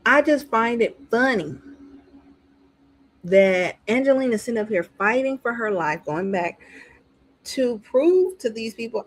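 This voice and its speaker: A woman's voice: a little high, a little slow, long pauses. Blunt, outspoken woman reviewer. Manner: outspoken and blunt, swears freely; animated, acts out what others said. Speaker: reality TV reviewer. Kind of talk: casual commentary.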